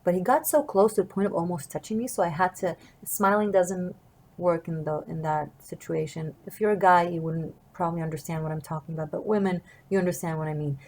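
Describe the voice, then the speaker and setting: Woman w a lowish voice, tarot reader rambling thru a story, earnest and reflective. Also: steady tone, brisk, darkish tone, low-quality recording. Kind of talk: casual storytelling to camera.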